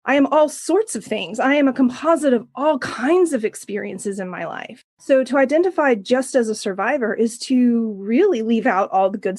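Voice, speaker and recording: A middle-aged woman, a recovery coach, telling her story as a guest in an interview, earnest and animated. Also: a little high, dry recording. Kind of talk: interview conversation.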